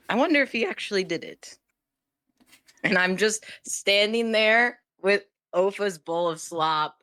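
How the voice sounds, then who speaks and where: A woman's voice: mid-range voice, measured pace, sharp tone. A woman playing a tabletop game who speaks in a wry, playful way and laughs often. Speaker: player.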